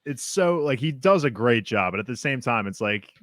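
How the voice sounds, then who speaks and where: A man's voice: medium pitch, expressive, normal speed, fairly bright tone, dry recording, studio quality. A man co-hosting a podcast, chatting in a laid-back way and laughing often. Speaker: podcast co-host. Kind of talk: casual podcast discussion.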